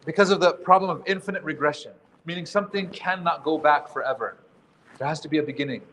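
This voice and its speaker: Male workshop teacher, a touch high-pitched, chatty and joking, quizzes the room; faint noise underneath. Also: fast talker, fairly bright tone. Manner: conversational, quizzes the audience, jokes. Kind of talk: interactive workshop lecture. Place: workshop room with a live audience.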